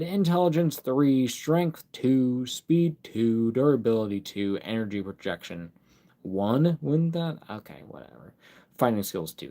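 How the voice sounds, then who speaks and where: A man with a mellow, mid-range voice hosts a casual live stream, reading a product card aloud and talking directly with viewers in chat. His speech is full of fillers and restarts.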